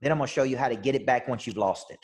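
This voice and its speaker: Racing through his words in a mid-range, darkish voice, this Southern-accented life and business coach gives a fired-up, upbeat motivational talk on an online call, hammering phrases through repetition and peppering it with "okay?" and "right?"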